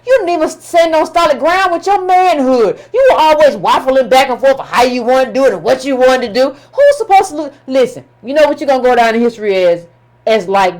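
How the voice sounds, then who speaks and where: A woman's voice: high voice, darkish tone. A woman giving impassioned political commentary, emphatic and scolding, with colloquial phrasing and repetition.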